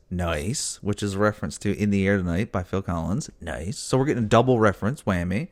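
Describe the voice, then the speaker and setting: A man's voice: on the low side, brisk, hardly any pauses, a little mellow. A man rambling casually about a video game, swearing freely and breaking off to scold his cats. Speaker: gaming vlogger. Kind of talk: casual rambling chat to camera.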